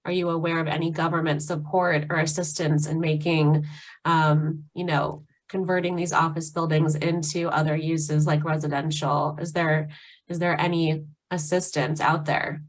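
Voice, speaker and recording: A woman with a fairly low voice moderates a webinar Q&A. She speaks conversationally, relaying viewer questions and following up with her own. Her tone stays easy and unhurried. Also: level tone, low-quality recording. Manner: conversational, posing questions from the chat. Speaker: webinar host.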